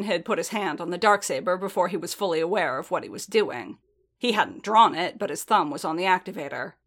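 A woman narrating a fan fiction story in a steady storytelling manner. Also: on the low side, brisk.

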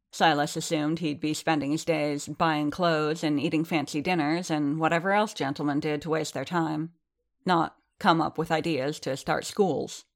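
Low-voiced woman narrating an audiobook. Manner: measured, steady storytelling. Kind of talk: scripted narration.

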